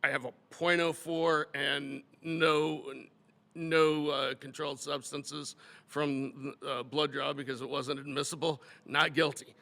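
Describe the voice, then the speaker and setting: A man co-hosting a casual chat, talking in a relaxed, conversational way. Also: on the high side, unhurried, creaky. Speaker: podcast co-host, defense lawyer.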